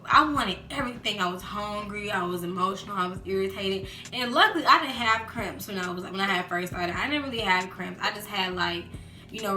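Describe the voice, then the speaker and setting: A young woman chatting casually in a storytime vlog, acting out quotes in lively voices. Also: mid-range voice. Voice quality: animated, acts out quotes in voices. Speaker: vlogger. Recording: roomy echo with background music.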